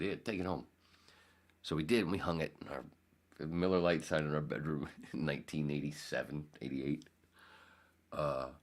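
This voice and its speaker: A man's voice: a bass voice, vocal fry, fairly bright tone. A man hosting a podcast, telling a story in casual chat, rambling with frequent restarts and self-corrections. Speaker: podcast host.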